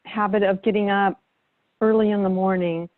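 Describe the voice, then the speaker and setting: A woman's voice: medium pitch, steady tone, normal speed, dry recording. Hesitant woman asking over a phone line. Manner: hesitant, many ums, soft laughs. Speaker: student asking a question.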